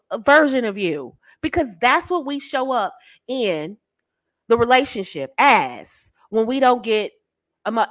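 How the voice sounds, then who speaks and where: A woman's voice: high-pitched, a bit bright, dry recording. A woman hosting a channel as a dating coach, giving sassy, emphatic straight-talking advice and calling the listener baby and honey.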